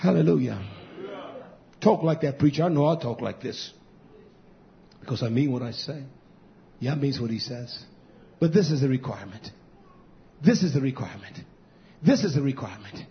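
A male pastor delivering a sermon in an emphatic, repetitive cadence, swinging between shouting and hushed near-whispers. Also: mid-range voice, lively intonation, moderate pace, gravelly, pauses often, slight background noise. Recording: dull lo-fi recording.

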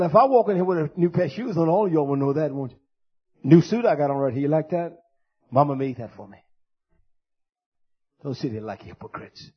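A man preaching a fiery sermon to his congregation, rising to shouts and dropping low again. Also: slightly rough. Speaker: pastor. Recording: muffled lo-fi recording.

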